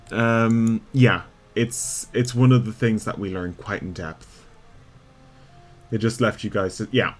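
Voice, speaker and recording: A young Irish man talks through his gameplay in a relaxed, rambling way, often breaking into laughter. His voice sits on the low side and he speaks at a slow, unhurried pace. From Ireland. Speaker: streamer. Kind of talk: casual gameplay chat.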